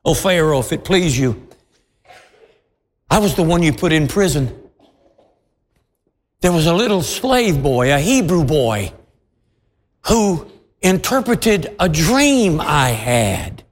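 A preacher playing a trembling royal butler. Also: male voice, fairly high pitch, very animated, takes it slowly, pauses often, exaggerated voice. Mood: nervous. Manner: trembling, fawning. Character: nervous male royal butler. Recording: long reverb of a large hall.

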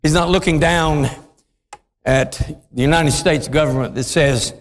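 A man preaching a sermon with impassioned, dramatic swings, dropping into deep voices for emphasis. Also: unhurried, slight background noise. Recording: long hall reverb.

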